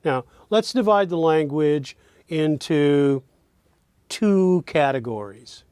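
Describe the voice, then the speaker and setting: Male instructor, slightly high voice, very slow and deliberate delivery, for a spoken lesson. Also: animated, darkish tone, clear, resonant tone, no room sound, clean studio sound. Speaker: teacher. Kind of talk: spoken lesson on speech rhythm.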